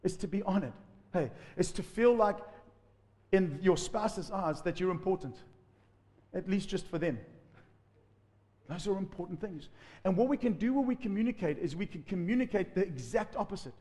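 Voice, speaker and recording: A man preaching a sermon as pastor, lively, acting out quotes. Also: high voice, normal speed, long pauses, big-room sound. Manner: animated preaching with acted-out quotes.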